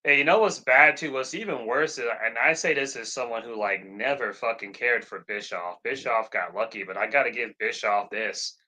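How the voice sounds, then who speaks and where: Guy ranting on a wrestling podcast, bright forceful voice, casual. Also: medium pitch, normal speed, few pauses, low-quality recording. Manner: ranting, animated, profane. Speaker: podcast co-host. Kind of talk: casual chat.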